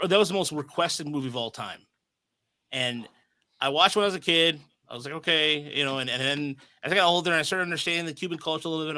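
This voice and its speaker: A man's voice: on the high side, sharp tone. A man co-hosting a podcast in casual chat, opinionated and emphatic. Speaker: podcast co-host.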